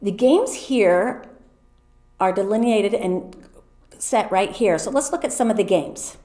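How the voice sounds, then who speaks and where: A middle-aged American woman explaining classroom routines to teachers in a clear, patient way, sounding out words slowly. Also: medium pitch, dark tone. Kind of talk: teacher training presentation. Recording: echoey room.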